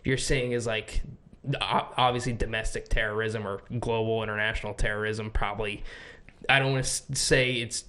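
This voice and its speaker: A man's voice: lowish voice, moderate pace. Rambling, profane young man on a podcast. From United States. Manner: rambling, profane, animated storytelling. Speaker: podcast co-host. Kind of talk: casual podcast chat.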